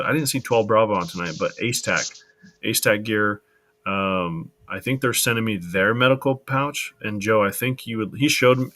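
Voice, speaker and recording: A man's voice: lowish voice, a bit bright. A man co-hosting a live stream, talking casually and rambling with many fillers and restarts. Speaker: co-host of a live gear show.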